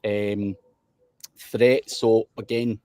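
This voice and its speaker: A man's voice: fairly low pitch, flat delivery, drawn-out words, dark tone, no room sound. Blunt, swearing man, dry sound. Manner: blunt, profane storytelling. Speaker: podcast host. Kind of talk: casual chat.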